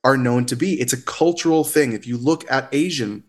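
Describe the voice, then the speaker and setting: A man speaking as a therapist guest in a casual podcast interview, talkative and animated, with frequent fillers and restarts. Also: medium pitch, normal speed. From United States.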